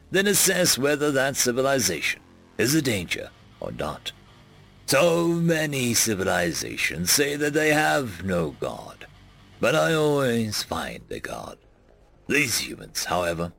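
A man reading stories aloud as narrator, expressive and dramatic. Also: mid-range voice, creaky. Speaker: story narrator. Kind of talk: scripted story reading.

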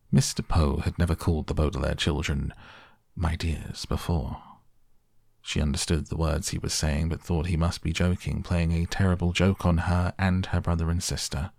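A man reading a children's novel aloud as audiobook narrator, in a measured storytelling manner. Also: extremely low pitch, fairly even intonation, gravelly, a little mellow, breathy edge, dry recording, clean studio sound. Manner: measured storytelling with quoted dialogue in near-own voice.

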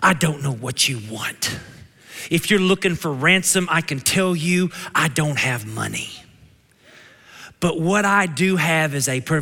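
A man with a Kentucky twang puts on a low, hushed father who threatens kidnappers with slow, cold deliberation. The voice is tight and keen, and it rings with a long reverb in a church hall. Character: menacing calm father threatening kidnappers by phone.

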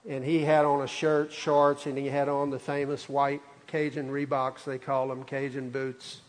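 A man's voice: mid-range voice, monotone, moderate pace. A man, preaching a sermon as a pastor in a folksy, conversational storytelling way. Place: church sanctuary. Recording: reverberant church hall.

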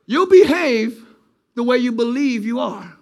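A male pastor delivers a sermon in a church, his voice sitting unusually high for a man. He swings between ringing, stretched-out shouts and low, almost confiding talk. The delivery is loose and conversational, full of call-and-response. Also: animated, unhurried, gravelly. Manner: preaching, swings from shouting to quiet intimate talk.

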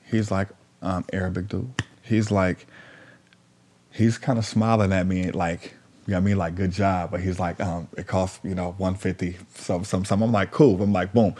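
A man telling a story in a casual, animated way, full of slang and profanity, repeating lines for emphasis. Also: low-pitched, fairly quick.

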